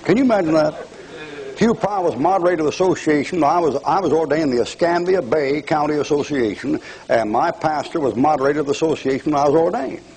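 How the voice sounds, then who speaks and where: A man's voice: on the high side, quick pace, a little mellow, poor audio. An older man preaching a televised fire-and-brimstone sermon, mocking and taunting his audience with bursts of laughter.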